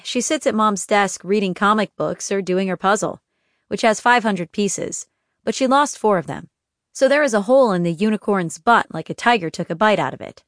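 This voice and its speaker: A woman narrating an audiobook in a gentle, even storytelling manner. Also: medium pitch, no room sound, studio quality. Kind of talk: scripted narration.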